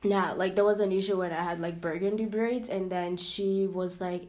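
A woman's voice: mid-range voice, steady tone, moderate pace, hardly any pauses, a little mellow. A young adult woman with a Nigerian accent, talking bluntly and with sass in casual chat, swearing freely.

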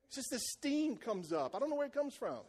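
A man preaching a sermon in church, animated and calling out to the congregation for responses. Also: very high voice, a little fast. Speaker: pastor.

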